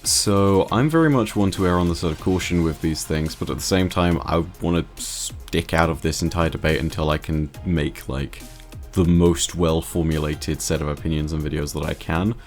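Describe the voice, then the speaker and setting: Deep-voiced man explaining games calmly. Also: soft background music. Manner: clear, measured, explains in an orderly way. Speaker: guest commentator on a gaming discussion. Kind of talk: casual chat.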